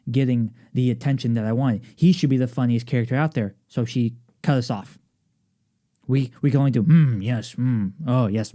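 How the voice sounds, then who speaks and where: A young man co-hosting a podcast in casual chat, speaking haltingly with many fillers. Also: mid-range voice, dark tone. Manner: halting, filler-heavy, giggly. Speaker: podcast co-host.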